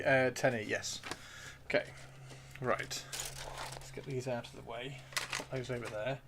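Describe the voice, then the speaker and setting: A man live streaming as he builds miniatures, excitable and rambling, talking to himself and to chat. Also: medium pitch, background noise.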